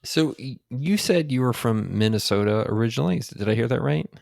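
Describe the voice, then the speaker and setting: A man's voice: medium pitch, fairly quick, creaky, dry recording, clean studio sound. A man hosting a podcast, chatting casually and laughing easily as he asks his guest questions. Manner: relaxed, laughs easily while asking questions. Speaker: podcast host. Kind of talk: casual interview chat.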